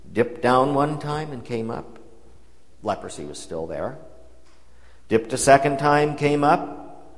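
Man, preacher, conversational sermon storytelling, medium pitch, long hall echo. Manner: conversational storytelling with paraphrased dialogue. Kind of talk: sermon retelling a Bible story.

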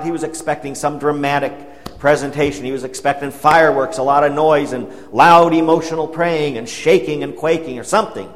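A man's voice: medium pitch, a little fast. A man preaching a sermon, retelling a Bible story in a conversational way and paraphrasing the dialogue. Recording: long hall reverb.

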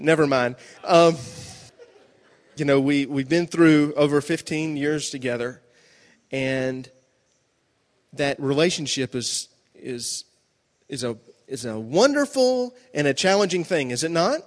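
A middle-aged man preaching a sermon with jokes, animated storytelling that acts out voices, speaking to a congregation in a large hall. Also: moderate pace. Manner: animated storytelling, acting out voices with big pitch jumps. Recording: live hall reverb.

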